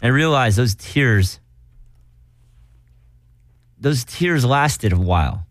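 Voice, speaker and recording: Guy rambling and joking on his podcast, dry close mic, medium pitch. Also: lively intonation, takes it slowly, no echo. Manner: joking, rambling, self-mocking. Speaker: podcast host. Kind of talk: casual comedic radio chat. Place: small studio.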